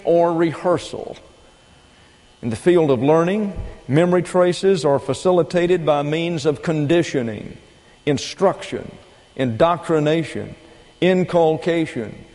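A man teaching a Bible class in a measured, lecturing sermon style, often pausing with fillers and restarts. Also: a little high, darkish tone. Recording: long hall reverb.

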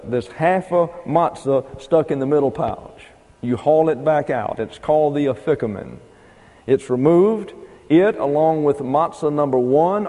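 With a fairly high pitch yet a dark, mellow tone, this man leads a Bible class folksily, wandering off on tangents and spelling words out one letter at a time. His speech is followed by a long trailing reverb from a hall.

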